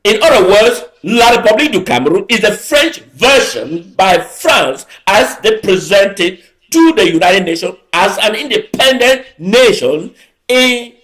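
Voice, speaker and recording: A man's voice: high-pitched, a bit bright, rough recording. A man giving an impassioned political address, emphatic and repeating phrases for emphasis. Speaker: political speaker.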